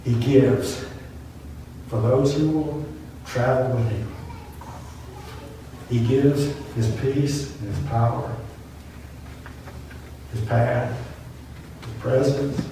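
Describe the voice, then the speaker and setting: A man's voice: mid-range voice, dark tone, slight background noise. A man preaching a sermon, telling a story with earnest, repeated emphatic phrases. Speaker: pastor. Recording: very echoey room from far off.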